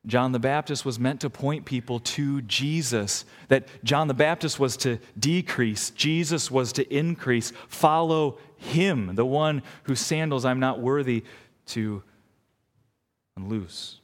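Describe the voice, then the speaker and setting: A man's voice: mid-range voice, takes it slowly. Earnest preacher man in a reverberant hall. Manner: earnest, illustrative storytelling, rising intensity. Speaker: pastor. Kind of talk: sermon.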